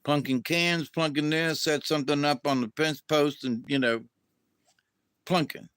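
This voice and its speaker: Man from the American South hosting a casual livestream, unhurried and rambling, dry close sound. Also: fairly high pitch, fairly even intonation, a bit bright, clean tone, no echo. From southern United States. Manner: drawn-out, rambling, with restarts and acted-out quotes. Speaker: livestream host.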